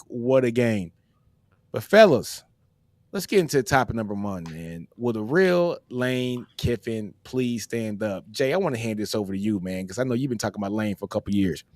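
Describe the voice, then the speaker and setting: A man's voice: medium pitch, lively intonation, moderate pace, dry recording. Laid-back male sports podcast host. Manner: laid-back, sprinkles "man" everywhere. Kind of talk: casual sports chat.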